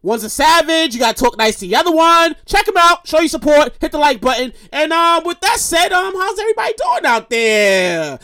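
Woman, 30s, solo podcast host, lively and foul-mouthed, repeats herself for punch, dry close sound. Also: high-pitched, moderate pace, dry recording. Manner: animated and profane, repeats phrases for emphasis. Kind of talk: casual solo podcast monologue.

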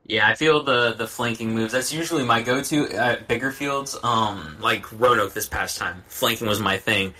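A man's voice: mid-range voice, moderate pace, few pauses, bright, forceful tone. A man hosting a casual chat, asking questions and summing up the answers. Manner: asks questions, sums up answers. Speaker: podcast host.

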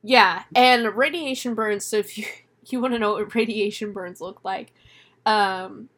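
A woman's voice: mid-range voice, unhurried, fairly bright tone. A young woman co-hosting a casual movie review chat, swearing freely, laughing often and acting out the characters. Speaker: podcast co-host.

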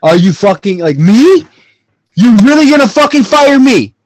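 A man acting out a furious worker who has just been fired, shouting and cursing in indignation. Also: very high voice, big pitch swings, moderate pace, dry recording, voice pushed up, full character voice, rough recording.

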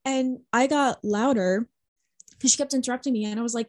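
A woman's voice: fairly high pitch, a little fast, dry recording. A young woman co-hosting a podcast, telling stories in casual chat with lots of swearing and "like". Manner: animated storytelling, swears, heavy use of "like". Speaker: podcast co-host.

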